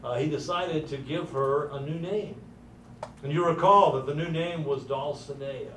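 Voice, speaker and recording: A man's voice: fairly high pitch, moderate pace, a little hiss or hum. Middle-aged man speaking at a ceremony, roomy and distant. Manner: many "uh" fillers, relaxed storytelling. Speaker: university president hosting a ceremony. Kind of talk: ceremonial speech with storytelling.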